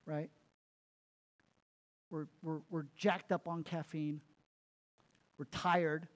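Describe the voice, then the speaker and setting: A man's voice: fairly high pitch, flat delivery, extremely slow. Emphatic man preaching a sermon. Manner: emphatic, repeats words, laughs at himself. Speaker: pastor.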